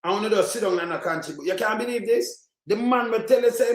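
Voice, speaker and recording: A man's voice: sits high, fast talker, few pauses, reverberant, low-quality recording. A man with a Jamaican accent giving heated political commentary, mixing in patois. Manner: heated, ranting, mixes patois.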